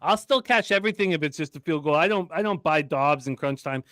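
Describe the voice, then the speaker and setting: A man with a high voice co-hosts a live football betting stream in a dry, close-miked sound. He jokes, swears and laughs often while reacting to the game. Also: fast, a bit bright, no room sound. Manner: joking, profane, laughs often. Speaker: podcast co-host. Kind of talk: casual sports live stream banter.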